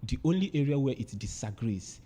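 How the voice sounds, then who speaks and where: A man's voice: medium pitch, very animated, a little fast, mellow. A man teaching a literature lesson, explaining step by step and repeating and rephrasing his points. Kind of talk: explanatory lecture.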